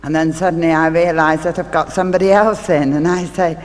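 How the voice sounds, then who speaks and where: A woman performing as a stage medium tells homely stories to a live audience in a large theatre hall, sprinkling in chatty asides. Her voice is deep, with fairly even intonation, and she speaks briskly with few pauses. The recording has the reverberance of a live hall and faint ambience.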